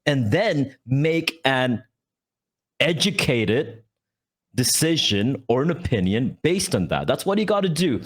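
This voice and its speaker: A man's voice: mid-range voice, very animated, takes it slowly. A young man co-hosting a casual podcast, ranting with swearing and mock quotes. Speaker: podcast co-host.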